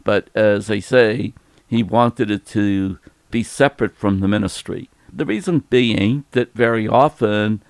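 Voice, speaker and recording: Gravelly older male priest. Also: lowish voice, unhurried, no echo. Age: 70s. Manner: gentle, explanatory, laughs easily. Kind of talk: casual Q&A chat.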